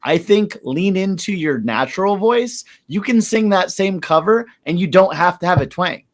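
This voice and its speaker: Profane, loose higher-voiced male reviewer. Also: animated, normal speed. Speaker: music reviewer. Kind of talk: casual review chat.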